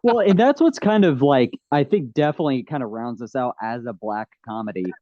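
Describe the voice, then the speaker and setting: A man's voice: medium pitch, lively intonation, a little fast, mellow, dry recording, highs cut off. A man talking casually and animatedly on a podcast, rambling with many fillers.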